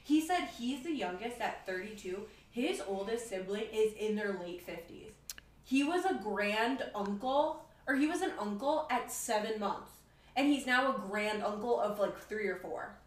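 A woman's voice: mid-range voice, animated, unhurried, reverberant, distant mic, rough recording. A young woman co-hosting a podcast, telling a date story in casual chat and acting out both sides of the conversation. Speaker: podcast co-host.

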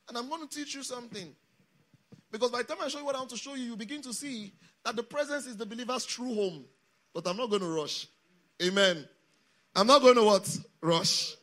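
A man's voice: very high voice, fairly bright tone. A man preaching a sermon at a camp meeting, emphatic and calling the congregation to read scripture aloud with him. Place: church or camp meeting hall.

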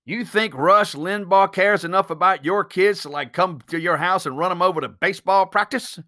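A man's voice: high-pitched, moderate pace, bright, forceful tone. A man hosting a solo podcast, talking bluntly and emphatically, swearing freely and firing off rhetorical questions. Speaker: podcast host.

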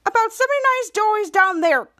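A cocky teen boy superhero tosses off quick, offhand quips in a high voice, put on by a woman recapping a show. His lines come fast and breezy, with an easy confidence. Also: lively intonation, sharp tone, heavily acted.

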